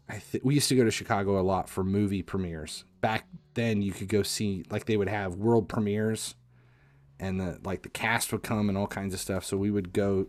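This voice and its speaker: A man in his forties tells a long personal story as he streams, rambling, doubling back and restarting his sentences. His voice sits slightly low. Soft music plays faintly behind him. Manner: rambling, many restarts and fillers. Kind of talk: casual storytelling.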